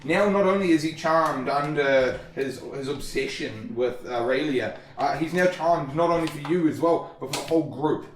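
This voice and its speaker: A man's voice: a little high, normal speed, hardly any pauses. A man narrating a tabletop game as game master, rambling and hesitant, with many fillers. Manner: rambling and hesitant, full of "sort of" and "like". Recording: roomy, from far off.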